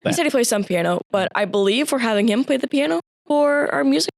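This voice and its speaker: A teenage girl, a high school theater student, chatting casually as an interview guest with lots of fillers. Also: lively intonation, fast talker, gravelly, no room sound, clean studio sound. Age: teens.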